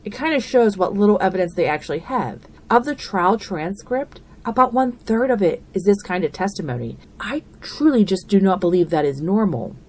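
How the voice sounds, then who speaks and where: A woman's voice: medium pitch, big pitch swings, fairly quick, hardly any pauses, darkish tone. A woman hosting a true crime podcast, walking through a trial in an earnest, opinionated, conversational way. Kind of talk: narrated podcast commentary.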